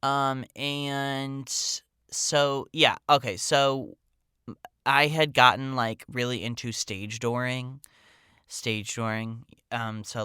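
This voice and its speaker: Male podcast storyteller, chatty and meandering, crisp bright tone, close dry sound. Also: medium pitch, no echo. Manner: rambling, full of "like" and "um". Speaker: podcast host telling a personal story. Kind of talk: casual storytelling monologue.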